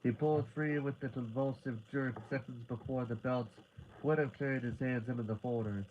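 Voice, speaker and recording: Man, live horror story reading, middle pitch, steady tense delivery, dull lo-fi audio. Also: moderate pace, slight background noise. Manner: steady, building tension, occasional restarts on words. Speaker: reader.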